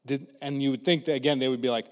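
A man preaching a lively storytelling sermon, acting out quotes in different voices. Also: mid-range voice, fast talker, big-room sound, dull audio. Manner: animated, acts out quotes with voices.

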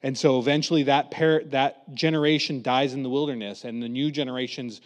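A man preaching a lively storytelling sermon, acting out quotes in different voices. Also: medium pitch, fairly quick, few pauses, in a large hall. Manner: animated, acts out quotes with voices.

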